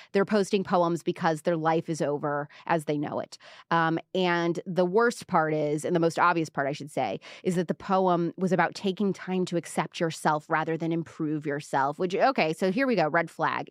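A woman's voice: lowish voice, no room sound. Woman host of a live pop culture show, chatty and sarcastic, dry close sound. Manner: chatty, sarcastic, many fillers and restarts. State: out of breath.

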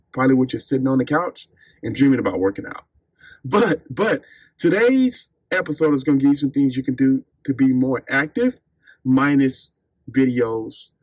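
A man's voice: mid-range voice, slightly rough, no echo. A man hosting his own podcast as a fitness coach, chatting casually and upbeat with listeners, calling them y'all.

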